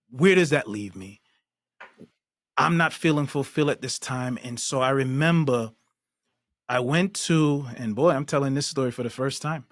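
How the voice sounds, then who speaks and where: A man's voice: medium pitch, a bit bright, dry recording, clean studio sound. A man, a podcast guest, earnestly recounting a personal story with emphatic, acted-out quotes.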